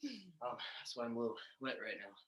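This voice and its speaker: A man's voice: medium pitch, very animated, fairly quick, roomy sound, low-quality recording. A young man, a little out of breath, talking in a laid-back, chatty way with some hesitation. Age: young adult. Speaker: guest.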